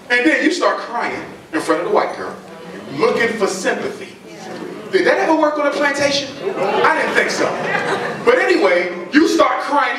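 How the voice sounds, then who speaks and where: A man's voice: very high-pitched, very animated, normal speed, noisy background. A man giving a fiery public lecture, speaking in a blunt, mocking, preacher-like way. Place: lecture hall with audience. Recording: echoey hall, distant mic, audience.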